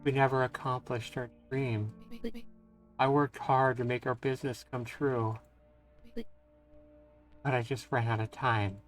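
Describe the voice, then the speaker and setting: Male streamer voicing a dying young woman: soft, sorrowful, quiet delivery. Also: medium pitch, level tone, a little slow, long pauses, soft background music, voice pushed up, natural voice. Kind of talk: reading game dialogue aloud.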